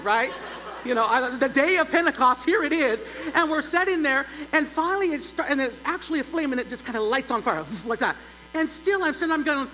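Man preaching, bright tense tone, long church reverb, faint hum behind. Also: extremely high pitch, fast talker. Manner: animated, builds to loud exclaims. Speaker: pastor. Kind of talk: humorous sermon storytelling.

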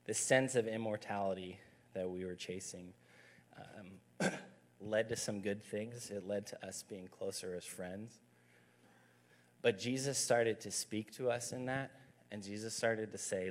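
Youth pastor guy in his 30s preaching, lowish voice, chatty and emphatic. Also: steady tone, unhurried. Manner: conversational and storytelling, emphatic. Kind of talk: sermon.

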